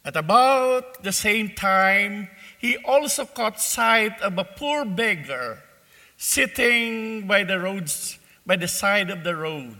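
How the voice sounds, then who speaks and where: A man preaching a sermon, telling a parable in a slow, deliberate way in a church. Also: high-pitched, bright, forceful tone, long reverb tail.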